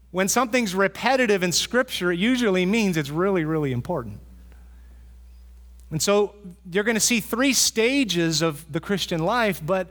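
Male pastor, high voice, earnest sermon delivery, long reverb from the sanctuary. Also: a bit bright. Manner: earnest, repeats for emphasis, with pauses and restarts.

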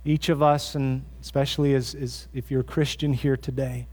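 A man's voice: medium pitch, flat delivery, moderate pace, darkish tone. A man preaching a sermon as pastor in a church, earnest and conversational, often restarting his phrases.

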